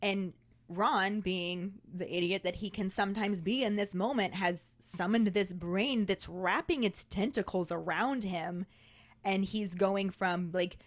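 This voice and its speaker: A woman's voice: mid-range voice, expressive, unhurried, dry recording. A woman co-hosting a podcast, chatting casually and acting out quoted lines. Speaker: podcast co-host. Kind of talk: casual chat.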